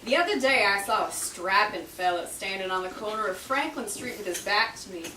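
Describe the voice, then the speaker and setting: Boastful 1850s Southern gentleman done by a woman, Southern accent, mock-proud, roomy sound, noise behind. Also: medium pitch, lively intonation, fairly quick. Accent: Southern US, put on. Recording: echoey room, distant mic, noisy.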